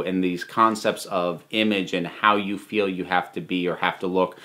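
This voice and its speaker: Male reviewer, bright, clear tone; animated and chatty with frequent restarts. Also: low voice, moderate pace. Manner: animated, many restarts and trailing asides. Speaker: movie reviewer. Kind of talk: casual spoken movie review.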